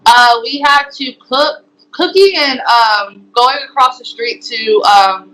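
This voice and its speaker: Bright-voiced young woman recounting. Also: on the high side, poor audio. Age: young adult. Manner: hesitant, many ums and likes. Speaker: guest, former resident. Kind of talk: interview testimony.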